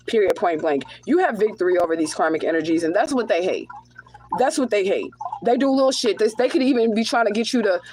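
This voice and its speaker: A woman's voice: on the high side, background noise. A woman doing a live spiritual card reading who speaks bluntly and with heavy profanity. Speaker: spiritual reader. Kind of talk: live tarot reading and rant.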